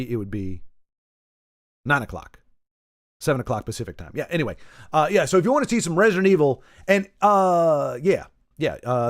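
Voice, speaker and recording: A man's voice: mid-range voice, dry recording, studio quality. A man streaming a video game, chatting casually with viewers in a rambling, self-correcting way, with joking asides. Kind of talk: casual live-stream chat while gaming. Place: in Texas.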